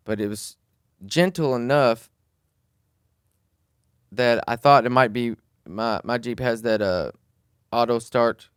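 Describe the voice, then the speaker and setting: A man, co-hosting a podcast, telling a story in a casual, animated way and swearing freely. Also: medium pitch, clean tone, no room sound, clean studio sound. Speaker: podcast co-host.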